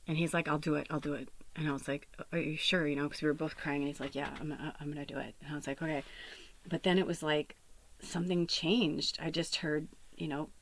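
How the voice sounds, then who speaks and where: A woman's voice: deep voice, fairly quick. A young adult woman hosting a podcast, telling an emotional personal story with many fillers, on the verge of tears and often dropping to a whisper. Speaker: podcast host and medium.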